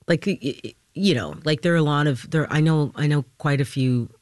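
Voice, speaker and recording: A man's voice: fairly high pitch, normal speed, darkish tone, no room sound. A man who sings on stage, talking as an interview guest, thoughtful and searching for words. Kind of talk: casual interview talk. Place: radio studio. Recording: dry studio sound.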